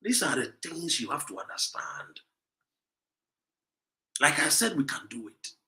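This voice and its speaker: A man with a Ghanaian accent giving emphatic commentary, full of rhetorical questions, sometimes loud and sometimes dropping low. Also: big pitch swings, measured pace, reverberant. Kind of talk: animated commentary mixing Twi and English.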